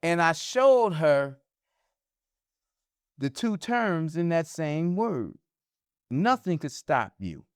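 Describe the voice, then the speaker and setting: A man leads a religious discussion like a teacher, often checking with "huh?" that he is understood. His voice sits fairly high and sounds smooth and clear. The sound is dry and close. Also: sing-song, takes it slowly, long pauses, dry recording. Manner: teaching, asks "huh?" to check listeners follow; rises in pitch and force when stressing a point.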